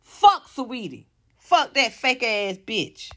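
A woman's voice: a little high, sing-song, slow pace, sharp tone. A young woman giving heated, profane reaction commentary, scornful and ranting. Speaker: commentary vlogger.

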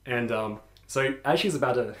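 A young man telling a story in casual podcast chat, animated and laughing, with many restarts. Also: mid-range voice, normal speed. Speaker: podcast co-host. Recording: echoey room.

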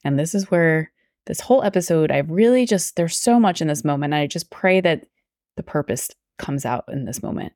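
Earnest woman, low voice, dry sound. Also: lively intonation, normal speed, darkish tone, no room sound. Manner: earnest, tangent-prone, quotes herself aloud. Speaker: podcast host; teacher. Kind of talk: personal faith podcast storytelling.

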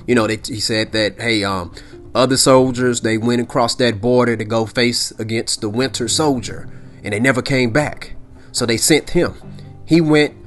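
A man hosting a solo podcast, talking casually and emphatically, repeating himself and checking in with "okay?" and "all right?". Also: mid-range voice. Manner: rambling, peppers lines with "okay?" and "all right?". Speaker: podcast host.

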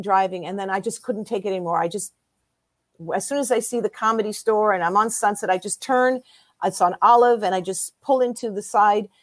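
A woman in her sixties, a guest in an interview, telling her story in a lively way and acting out what other people said. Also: medium pitch, no echo. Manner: lively storyteller who acts out quoted voices.

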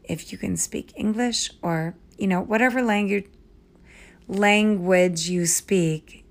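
A woman hosting a podcast, rambling through tangents as she processes her thoughts out loud into her phone. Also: medium pitch, takes it slowly, creaky. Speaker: podcast host and online English tutor. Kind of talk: rambling spoken-aloud voice memo. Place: home, Minnesota.

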